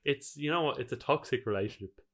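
A man's voice: mid-range voice, fast, fairly bright tone. A young man co-hosting a football podcast, telling stories in a dry, rambling way. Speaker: podcast co-host. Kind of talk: casual football podcast chat.

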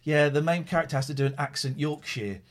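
A middle-aged man hosting a radio show talks fast in a slightly high voice. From the studio, he jokes and teases through casual banter, stumbling playfully and restarting.

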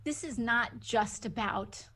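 A woman delivers a formal political statement in slow, measured phrases. She pauses often and presses each word deliberately. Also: a little high, pushed and bright, slightly rough. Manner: deliberate, halting. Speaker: politician giving a speech.

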